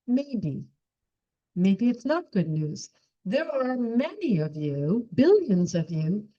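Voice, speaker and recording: A woman's voice: a little high, a little mellow. A woman hosting a religious podcast, lecturing her listeners with rhetorical questions and teasing asides. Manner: teasing, chuckles at own remarks. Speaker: podcast host. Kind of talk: religious commentary monologue.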